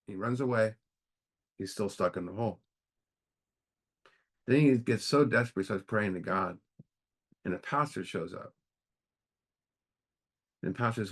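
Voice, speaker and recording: A man leading a recovery book study, telling a story in a casual, conversational way with halting restarts. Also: on the low side, steady tone.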